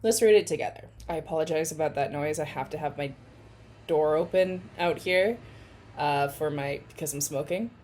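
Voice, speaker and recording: A woman's voice: sits low, moderate pace, a little mellow. A young adult woman hosting a reaction video, reading messages aloud and commenting bluntly, with plenty of swearing. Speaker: reaction channel host. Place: at home by an open door near a main road.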